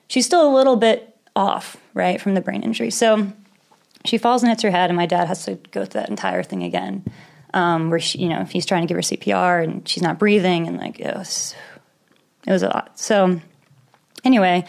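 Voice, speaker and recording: A woman's voice: lowish voice, gravelly. A young woman talks through a personal story in easy conversation. She is open and rambling, with nervous little laughs and the odd swear word. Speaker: guest telling a personal story. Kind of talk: casual conversation.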